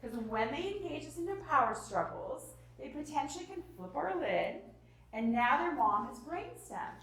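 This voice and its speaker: Animated woman teaching in an echoey hall. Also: high voice, moderate pace, far from the mic. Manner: animated, acts out parent and child voices, drops to whispers. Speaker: parenting workshop presenter. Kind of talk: lively parenting talk to a live group.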